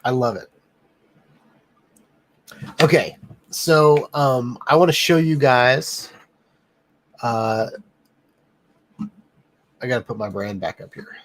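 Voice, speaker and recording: A man's voice: mid-range voice, slow pace, long pauses. Rambling man hosting a live stream. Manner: rambling, many "um" fillers. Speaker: livestream host. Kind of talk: casual live-stream chat.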